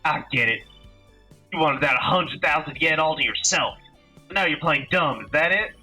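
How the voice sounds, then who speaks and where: A man reading a visual novel aloud, voicing a whiny, excitable middle-aged man who pleads on the edge of tears. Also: moderate pace, breathy edge, soft background music, full character voice. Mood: whining. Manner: high-pitched, pleading, near tears.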